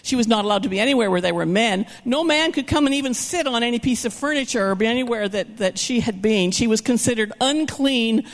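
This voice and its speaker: An older woman preaching a sermon, telling stories animatedly and acting out the people in them with shouts and whispers. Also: fairly high pitch, brisk, hardly any pauses. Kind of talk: sermon storytelling. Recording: reverberant hall.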